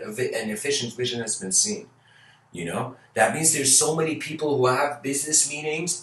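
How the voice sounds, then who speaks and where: A man's voice: medium pitch, a bit bright, a little hiss or hum. Guy rambling through a lecture, goofy little voices, sounds far off the mic in an echoey room. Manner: rambling, playful, acts out quoted voices and laughs often. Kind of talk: casual lecture. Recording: roomy echo, mic at a distance.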